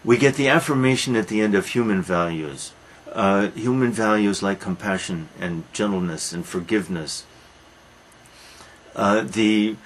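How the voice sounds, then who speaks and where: A man's voice: on the low side, measured pace, slight background noise, poor audio. A man lecturing on a Greek tragedy, retelling it as a dramatic storyteller who repeats words for emphasis. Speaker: literature lecturer.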